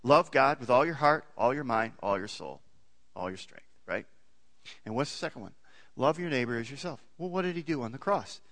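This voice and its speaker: A man preaching a sermon as a pastor in a church, animated, with pitch that rises and falls for emphasis, often putting questions to the congregation. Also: brisk, big-room sound. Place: church sanctuary.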